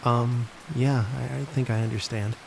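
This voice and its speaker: A man's voice: mid-range voice, fairly even intonation, moderate pace, creaky, a little hiss or hum, natural voice. A man voicing a nervous seven-year-old boy who stammers and hesitates.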